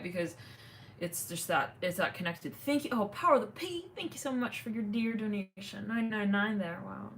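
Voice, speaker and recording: Woman host for casual livestream chat, rambling and talkative, lowish but animated voice. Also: vocal fry, slight background noise. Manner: rambling, chatty, many fillers and laughs.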